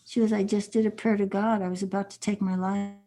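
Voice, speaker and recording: A woman's voice: medium pitch, little pitch movement, quick pace, dark tone. An older woman, a guest author on a podcast interview, telling earnest stories with quoted dialogue.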